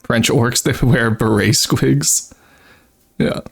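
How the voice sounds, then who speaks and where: A man's voice: medium pitch, fairly even intonation, slow pace, vocal fry, breathy edge, faint music behind. A young man streaming a strategy game, chatting casually and rambling, laughing often and talking to his chat. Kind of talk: casual gameplay commentary.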